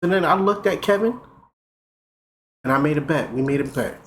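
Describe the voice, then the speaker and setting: A young man streaming, casually telling a profane, animated story. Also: fairly high pitch, normal speed. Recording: roomy with faint noise.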